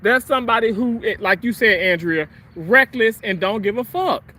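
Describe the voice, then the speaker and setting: A man's voice: high-pitched, normal speed, sharp tone. A man hosting a livestream and ranting angrily, swearing heavily and repeating himself as he vents. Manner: profane, heated, repetitive. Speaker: livestream host. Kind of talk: angry livestream rant.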